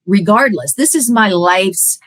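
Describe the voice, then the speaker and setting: A woman's voice: mid-range voice, lively intonation, measured pace, fairly bright tone, no room sound, rough recording. Earnest woman coach on a podcast. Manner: earnest, talks in long flowing run-on sentences. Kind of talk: podcast conversation.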